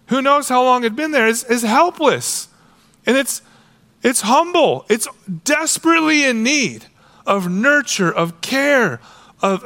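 A man preaching a sermon as a pastor, casual and animated, acting out quoted voices. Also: high-pitched.

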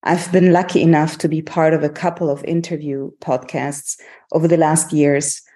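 A woman, the podcast's host, reads a scripted narration in a measured way. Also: deep voice, level tone, mellow.

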